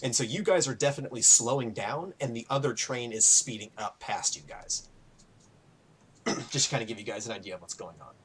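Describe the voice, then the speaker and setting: A man running a tabletop game as game master, narrating and explaining in a relaxed way with many fillers. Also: medium pitch, brisk, slightly rough.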